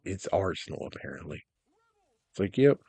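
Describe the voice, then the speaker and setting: A young man with a lowish voice talks through game announcements in a loose, rambling way. He ranks up into loud rants, then drops into mumbled asides. The sound is dry and close. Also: expressive, normal speed, breathy edge, dry recording. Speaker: gaming vlogger. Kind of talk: casual reaction commentary.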